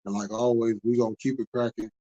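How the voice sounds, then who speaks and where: A man's voice: medium pitch, flat delivery, fast talker, dark tone, lo-fi sound. A man hosting a casual late-night sports talk stream, ranting heatedly with lots of profanity and laughter. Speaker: host.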